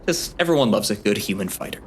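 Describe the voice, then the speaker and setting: A man's voice: lowish voice, animated, fast talker, a little hiss or hum. A man playfully introducing his tabletop game character in casual chat. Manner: playful, joking. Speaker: player.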